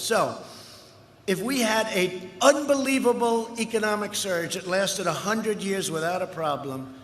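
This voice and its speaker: An older man giving a campaign rally speech outdoors, boastful and rambling, with punchy repetitions, heard through a loudspeaker. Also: high-pitched. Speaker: political candidate. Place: outdoor rally before a large crowd. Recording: echoey outdoor PA with crowd noise.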